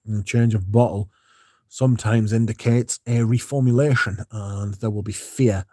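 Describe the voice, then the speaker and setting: A relaxed man talks on a livestream, rambling in a loose, chatty way. His voice is low and mellow, and the sound is dry and close. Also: moderate pace, no echo. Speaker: fragrance livestream host. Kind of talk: casual livestream chat, reading comments.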